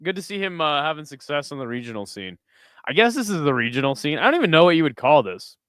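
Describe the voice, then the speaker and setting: A man's voice: fairly high pitch, very animated, fast talker, a bit bright, smooth, no room sound, clean studio sound. A man from the United States hosting a fight watch party stream, giving crude, joking commentary and chatting with viewers. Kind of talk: casual live-stream commentary.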